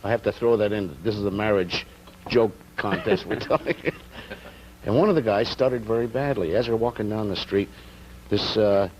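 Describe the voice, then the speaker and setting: A man's voice: fairly low pitch, a little fast, a little hiss or hum, rough recording. A man telling a joke on a comedy talk show, laughing as he goes. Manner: laughing, lively storytelling. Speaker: guest comedian.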